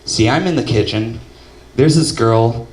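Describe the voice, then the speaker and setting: A young man doing stand-up, telling a story deadpan and shouting the punchlines. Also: mid-range voice, a little slow. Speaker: stand-up comedian. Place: comedy club stage. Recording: roomy club audio from a distance. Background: audience laughter.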